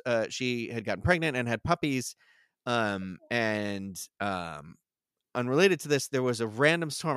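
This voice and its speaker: A man's voice: medium pitch, fairly bright tone, smooth, no echo, clean studio sound. A man casually telling a long story, full of likes, fillers and restarts. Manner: rambling, filler-heavy with many likes and restarts. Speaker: podcast guest telling stories.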